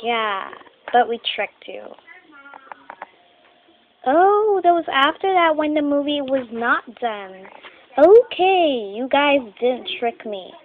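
A woman voicing teenage doll characters in a homemade skit, talking in a halting, rambling way and often clearing her throat. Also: high-pitched, very animated, phone-quality sound, a little hiss or hum.

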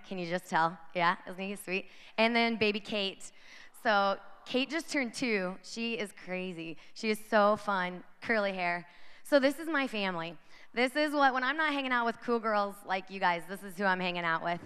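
A woman's voice: a little high, sharp tone, clean tone. A woman in her thirties giving a playful, chatty conference talk to a crowd of young women and acting out their voices. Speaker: conference speaker. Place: large hall with audience. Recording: reverberant hall.

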